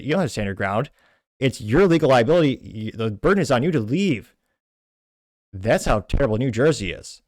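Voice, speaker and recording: A man's voice: mid-range voice, no room sound. Ranting man, dry close sound. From Texas. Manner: indignant, ranting. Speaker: commentator host. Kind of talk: political commentary.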